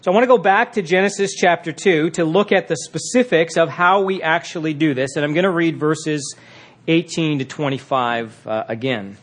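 Higher-voiced man teaching a marriage class. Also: moderate pace. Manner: conversational, with frequent fillers and restarts. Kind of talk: teaching talk with read-aloud passages.

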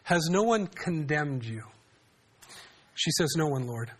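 A man's voice: fairly high pitch, lively intonation, takes it slowly, fairly bright tone, breathy edge. A man preaching a sermon in a conversational way, often asking his congregation questions. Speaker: pastor.

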